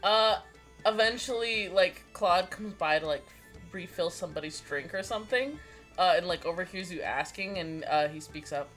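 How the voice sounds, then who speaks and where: A woman's voice: fairly low pitch, animated, moderate pace, a bit bright, soft background music. A woman narrating as game master of a tabletop game, casual and hesitant, with lots of fillers.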